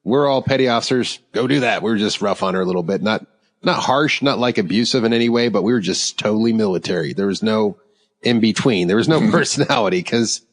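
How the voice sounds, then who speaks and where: A man's voice: fairly low pitch, expressive, fast, long reverb tail. A man hosting a podcast, telling stories in casual chat and laughing through them. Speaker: podcast host.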